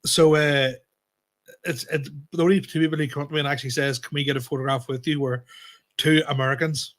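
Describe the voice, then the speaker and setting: Male co-host, slightly high voice, relaxed chatty storyteller. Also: fast talker. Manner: laid-back, chuckling, conversational. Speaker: podcast co-host and comedian. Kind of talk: casual chat.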